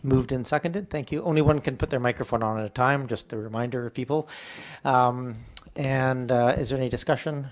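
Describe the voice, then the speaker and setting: Measured man chairing a meeting. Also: medium pitch, steady tone. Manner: measured, procedural, hesitant. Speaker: mayor chairing a council meeting. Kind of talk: formal meeting procedure. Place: council chamber.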